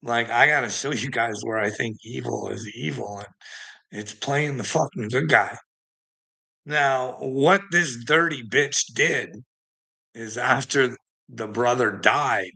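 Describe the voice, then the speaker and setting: A man with a gravelly, fried edge to his voice and a bright, forceful tone rants to his viewers. He talks bluntly and indignantly, with heavy swearing in a loose monologue. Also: mid-range voice, poor audio. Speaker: vlogger. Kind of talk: profane ranting monologue.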